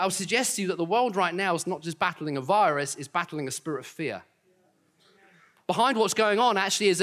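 A man's voice: high-pitched, fairly bright tone. A man preaching a sermon as pastor to his congregation, upbeat and confident, with friendly asides. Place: church auditorium.

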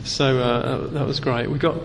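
A man's voice: medium pitch, level tone, in a large hall. A man hosting a church gathering and telling his own story of praying with strangers. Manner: enthusiastic, quick encouragement. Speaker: meeting leader.

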